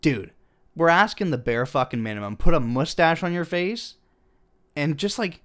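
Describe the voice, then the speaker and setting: A young man co-hosting a podcast, chatting casually about a film, animated and swearing freely. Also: fairly high pitch, normal speed. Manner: animated, swears casually, acts out quoted lines. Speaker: podcast co-host. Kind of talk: casual film review chat.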